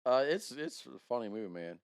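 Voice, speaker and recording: A man co-hosting a podcast in casual chat, relaxed, often searching for words and trailing off. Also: mid-range voice, fairly quick. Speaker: podcast co-host.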